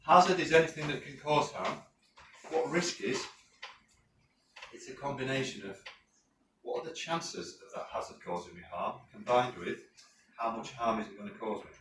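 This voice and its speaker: A man with a northern English accent teaching a safety course, chatty and quizzing his class with quick questions. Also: medium pitch, animated, a bit bright. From North of England. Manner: chatty, asks the class questions and checks in with "right?". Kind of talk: classroom lecture with anecdotes. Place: training classroom. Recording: roomy, distant mic with faint noise.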